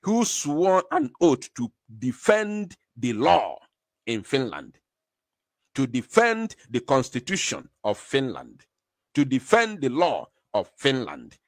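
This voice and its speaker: A man's voice: medium pitch, wildly swooping pitch, takes it slowly, no echo, clean studio sound. A Nigerian man giving impassioned live commentary, emphatic and full of rhetorical questions.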